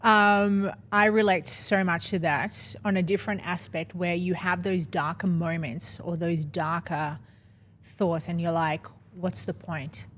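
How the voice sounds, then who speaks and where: A woman's voice: fairly low pitch, steady tone, unhurried, fairly bright tone. A woman hosting a podcast, interviewing her guest in an empathetic, reflective way. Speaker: podcast host.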